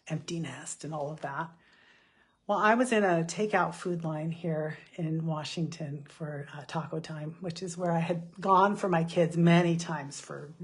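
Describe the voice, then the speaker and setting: A middle-aged woman giving a chatty motivational talk, self-deprecating and quick to laugh. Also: lowish voice, husky. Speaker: speaker.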